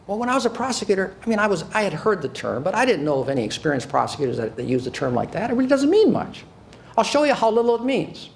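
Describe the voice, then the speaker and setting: A man's voice: high voice, big pitch swings, fast talker, vocal fry. An older man from the United States, a former prosecutor, giving a sarcastic, emphatic talk to an audience, often repeating and restarting words. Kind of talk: speech to an audience.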